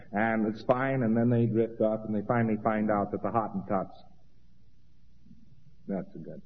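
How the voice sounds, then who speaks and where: A man's voice: on the low side, fairly even intonation, moderate pace. A man giving a rambling, conversational lecture with mocking asides. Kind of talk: informal lecture to an audience. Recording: dull lo-fi old recording in a reverberant hall.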